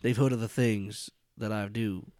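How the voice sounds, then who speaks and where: A man voicing a genial, soft-spoken old man with a quiet menace behind the friendliness, in a tabletop game podcast. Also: lowish voice, fairly even intonation, normal speed, dry recording, clean studio sound, close to an everyday voice. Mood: friendly.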